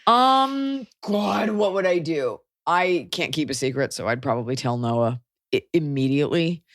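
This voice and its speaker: A woman's voice: deep voice, expressive, unhurried, dry recording, studio quality. A woman hosting a podcast in a casual, playful, jokey chat. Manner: playful, jokey, sing-song bits. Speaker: podcast host.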